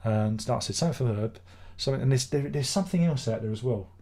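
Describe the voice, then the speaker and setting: A middle-aged man chats through a casual live stream, grumbling and swearing in exasperation as he rambles. His voice is mellow and dark, with a husky edge, at a middle pitch. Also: fast talker.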